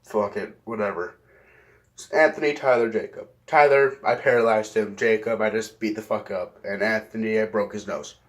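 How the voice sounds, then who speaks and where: A man's voice: fairly low pitch, steady tone, normal speed. A young man casually telling a rambling story, swearing often and correcting himself mid-sentence. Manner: profane, rambling, self-correcting.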